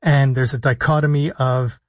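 A man, a physician hosting a call-in radio health talk show, speaking deliberately and stressing his points as he lists things one by one. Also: mid-range voice, fairly even intonation, no room sound. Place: radio studio. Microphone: studio broadcast mic. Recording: dull lo-fi radio sound.

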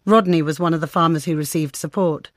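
A woman correspondent narrating a scripted radio report in a measured, descriptive way. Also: low voice, steady tone, no room sound, clean studio sound. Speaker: foreign correspondent.

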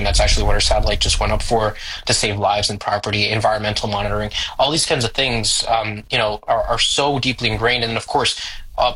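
A man, a guest on a radio show, explaining his point in an earnest, steady way. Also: fairly low pitch, breathy edge, low-quality recording. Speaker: guest, space company leader. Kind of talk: interview answer.

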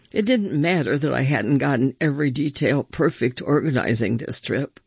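A man reading first-person stories aloud with measured, expressive storytelling. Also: medium pitch, gravelly, slightly rough, dry recording, dull audio.

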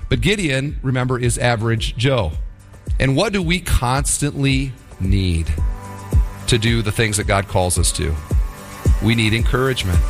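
A male pastor delivering a sermon with emphatic, animated storytelling. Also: mid-range voice, measured pace, music in the background.

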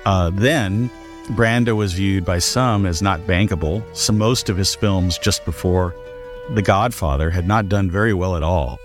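A male author giving measured, explanatory commentary as a guest, with occasional fillers. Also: low-pitched, faint music behind. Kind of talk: interview commentary.

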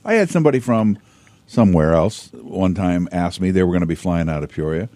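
A man hosting a morning radio show in casual on-air chat, telling stories in animated bursts while losing his voice. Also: sits low, a little fast, no echo. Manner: animated storytelling, bursts of speed.

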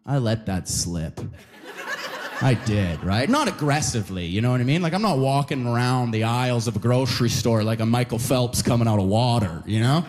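A man from Alberta, doing an animated, rambling stand-up set on a comedy club stage. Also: mid-range voice, normal speed, a little hiss or hum. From Alberta, Canada. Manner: animated, rambling, peppered with "you know".

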